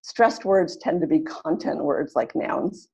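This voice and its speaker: A woman leading a webinar for language teachers, explaining in a practical teaching tone and slowly modeling example sentences. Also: low voice, vocal fry, mellow, slightly rough, low-quality recording. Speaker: teacher trainer. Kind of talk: webinar presentation. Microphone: computer mic in an online webinar.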